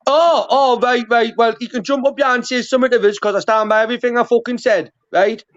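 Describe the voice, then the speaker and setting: A man's voice: extremely high pitch, fairly even intonation, fairly quick. A man talking on a livestream panel, rambling and swearing constantly, with many restarts. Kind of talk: heated casual livestream chat. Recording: muffled lo-fi stream audio.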